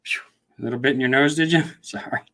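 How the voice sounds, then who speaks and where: A laid-back middle-aged man with an Upper Midwest accent talks casually in a vlog, chatting to the snakes he is handling. His voice sits at an ordinary middle pitch for a man, and he laughs easily between loose, rambling sentences. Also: racing, bright, forceful tone. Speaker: reptile breeder and channel host.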